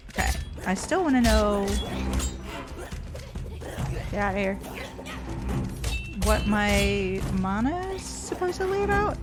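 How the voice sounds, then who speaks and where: A woman's voice: mid-range voice, expressive, slow, pauses often, loud music behind the voice. A woman giving casual, playful gameplay commentary to her viewers. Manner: chatty, playful asides to viewers. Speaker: streamer.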